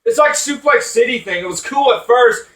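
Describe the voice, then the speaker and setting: A man's voice: very high-pitched, animated, normal speed, fairly bright tone, roomy sound, recorded from a distance. A man ranting angrily about wrestling, swearing often and rambling with restarts. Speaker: wrestling commentator vlogger. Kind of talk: angry profane rant.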